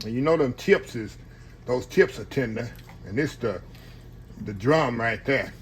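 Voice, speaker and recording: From his home kitchen, a cooking channel host films a casual eating vlog on a tripod-mounted camera, folksy and chatty, saying "y'all" often and savoring each bite aloud. His mid-range voice is expressive and a little slow, with a little hiss or hum in the recording.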